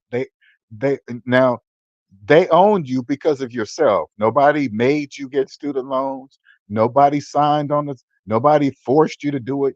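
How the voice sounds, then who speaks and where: A man's voice: medium pitch, lively intonation, moderate pace, a little mellow, no echo, highs cut off. A man in his fifties hosting a personal finance channel, talking in a blunt, preachy way and repeating words for emphasis. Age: 50s. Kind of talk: casual livestream-style monologue.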